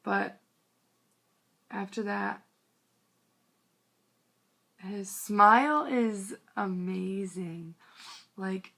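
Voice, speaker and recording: A woman's voice: mid-range voice, drawn-out words, creaky, long pauses, sharp tone. A young woman vlogging into her phone, telling a story in a gushing, rambling way, full of "like" and sometimes dropping to a whisper. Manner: gushing, rambling, fillers of "like", drops to a whisper at times. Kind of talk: excited casual storytelling to camera.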